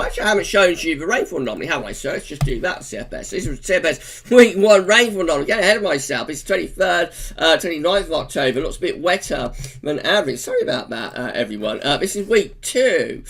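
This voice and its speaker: A man's voice: fairly high pitch, pushed and bright. A man giving an informal long-range weather forecast over charts, chatty and unscripted, with frequent fillers and self-corrections. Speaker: weather forecaster, channel host.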